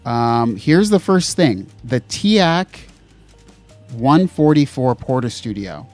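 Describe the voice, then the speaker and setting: A man's voice: medium pitch, big pitch swings, slow, a little mellow, faint music behind. A man co-hosting a gear podcast livestream in a casual chat, rambling with lots of fillers and self-deprecating asides. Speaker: podcast co-host.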